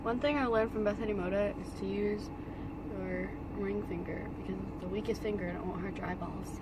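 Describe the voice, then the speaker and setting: A teenage girl doing her mother's makeup in a car, bossy and teasing, with sudden loud outbursts and giggles. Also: medium pitch, fairly even intonation, a little fast, very noisy. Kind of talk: casual playful banter.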